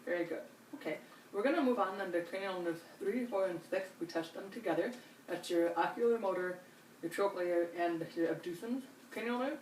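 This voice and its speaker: A woman examiner demonstrating a neurological check, giving calm step-by-step instructions and reassurance. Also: on the low side, fairly quick. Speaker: nurse examiner. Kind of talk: clinical demonstration. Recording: roomy, distant mic, faint hiss.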